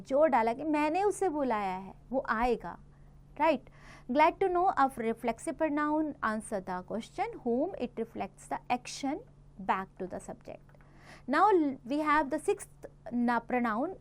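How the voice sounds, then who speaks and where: A woman with an Indian accent teaching a grammar lesson to children, reading examples slowly and rattling off quick asides between English and Hindi. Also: sits high, darkish tone. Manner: reads examples slowly and clearly.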